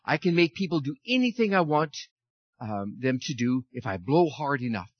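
A man's voice: medium pitch, very animated, normal speed, no echo, highs cut off. A man reading as a boastful blustering wind.

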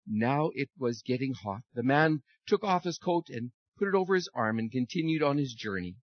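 A man leading a children's message in church, speaking in a friendly, animated way to children and reading them a story. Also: medium pitch, moderate pace, no room sound, muffled recording.

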